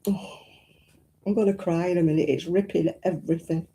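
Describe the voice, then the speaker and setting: A woman's voice: lowish voice, fairly even intonation, a little fast, dark tone. A woman, hosting a casual crafting live stream and chatting to viewers, fussing and exclaiming as she talks. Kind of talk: casual live-stream chat while crocheting.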